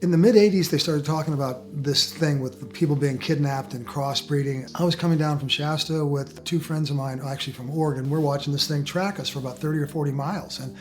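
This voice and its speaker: Brief: rapid-fire man, slightly high voice, excited storyteller, faint music behind. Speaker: interviewee. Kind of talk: documentary interview recounting a sighting.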